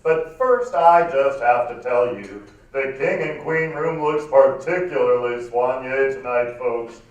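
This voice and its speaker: A man doing a silky radio ballroom host. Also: close to an everyday voice. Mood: showy, suave. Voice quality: baritone, silky announcer delivery. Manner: loud, drawn-out, showy announcing. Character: smooth male 1950s radio ballroom host. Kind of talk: live stage reading. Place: large performing arts hall. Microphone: far camera. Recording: echoey hall from far off.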